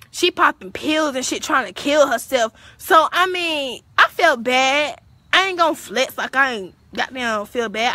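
A teenage girl telling a story on a livestream, profane, animated and defiant. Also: high voice. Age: teens.

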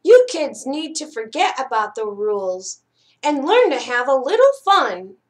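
A mischievous, fun-loving cat in a tall hat, as a woman reading a storybook puts him on, loud and bouncy, pitched well above her usual voice. He coaxes and cajoles in a slow, drawn-out storybook way. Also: very animated. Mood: rowdy.

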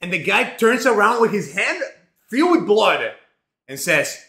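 Man, streamer, profane rambling storyteller, bright tone, roomy echo. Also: high-pitched, normal speed. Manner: profane, animated, rambling with many fillers. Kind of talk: casual storytelling on a live stream.

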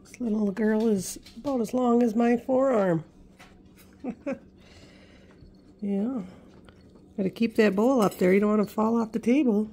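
A woman's voice: fairly high pitch, unhurried, pauses often, mellow, husky. Woman cooing baby talk at her puppy. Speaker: pet owner vlogger. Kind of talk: casual chat to her puppy.

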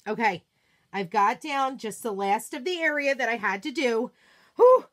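A woman hosting a live crafting demo, chatting excitedly and talking to herself as she works. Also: a little high, moderate pace. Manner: excitable, gushing, talks to herself while working. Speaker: craft demonstrator, live streamer.

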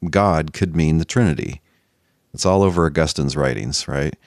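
A man hosting a casual podcast talk about theology, explaining his reasoning in a wry, measured way. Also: rumbling low, dry recording, studio quality. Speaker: podcast host.

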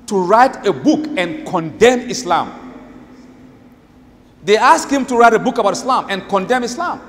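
A high-pitched man preaches in a lively, sing-song way, acting out the voices in his story. His voice carries a long echo through a large hall. There is a faint hiss of noise underneath. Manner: animated storytelling, acts out quotes. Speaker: Islamic preacher. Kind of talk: lively sermon.

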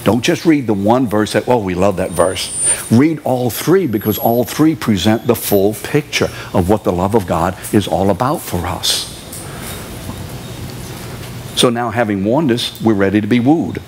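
Low-voiced man preaching a sermon. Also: unhurried, a little hiss or hum. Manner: animated preaching, acts out quoted voices and shouts. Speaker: pastor. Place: church sanctuary.

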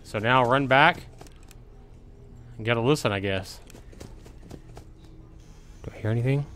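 A man's voice: mid-range voice, a little slow, pushed and bright, a little hiss or hum. A middle-aged man giving casual let's-play commentary at home, chatty and reading game prompts aloud. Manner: chatty, reads on-screen game text aloud. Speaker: gaming channel host.

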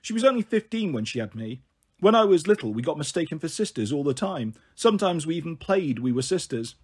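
A male storyteller reads a novel aloud in gentle, steady narration. His voice is high-pitched and husky, with a breathy edge. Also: brisk. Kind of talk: storybook reading.

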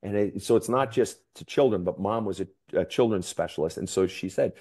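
A man's voice: low voice, fairly quick, hardly any pauses, dark tone, breathy edge. A man, a counselor and author, speaking candidly as a podcast guest, emphatic and profane, his voice climbing when he gets worked up. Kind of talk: candid interview storytelling.

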